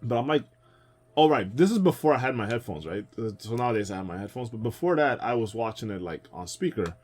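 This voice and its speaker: A man's voice: mid-range voice, lively intonation, fast, a little mellow, faint music behind. A young man streaming a video game, telling a rambling story with lots of fillers and asides. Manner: rambling, chatty anecdotes with frequent laughs and fillers. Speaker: gaming streamer. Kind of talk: casual let's-play storytelling.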